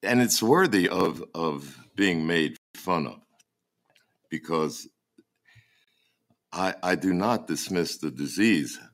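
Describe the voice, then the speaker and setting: A man preaching a sermon as pastor, emphatic and often halting to repeat his words, with a dry mocking humour. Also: low-pitched.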